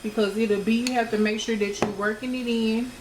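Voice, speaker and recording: A chatty woman talks viewers through a home-cooked meal, speaking easily to them as a friendly cooking vlogger. Her voice rings around a reflective kitchen. Pots and dishes clatter clearly behind her. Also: on the high side, steady tone, fairly quick. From United States. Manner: chatty, addresses viewers as y'all. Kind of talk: casual cooking demonstration. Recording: echoey kitchen with cooking noise.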